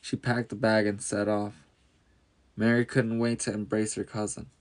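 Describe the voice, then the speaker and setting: A man narrating a storybook tale in a steady, measured reading. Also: lowish voice.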